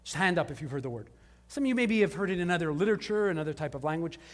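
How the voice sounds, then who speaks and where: A man's voice: fairly high pitch, expressive, rapid-fire, big-room sound. A male pastor preaching a casual, conversational sermon to a live congregation, with joking asides. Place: church service before a live congregation.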